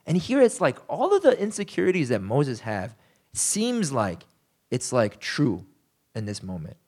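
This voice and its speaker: A man's voice: mid-range voice, huge pitch swings, a little slow, darkish tone, husky. A man preaching a conversational sermon, telling the story casually with lots of fillers and acting out quoted lines. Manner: acts out quoted lines in shifting voices. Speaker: pastor.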